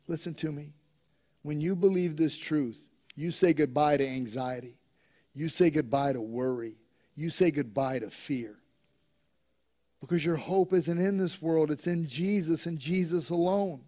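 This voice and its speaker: Male pastor, high-pitched voice, emphatic church preacher with big dynamic swings. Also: a little slow, mellow. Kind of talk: sermon.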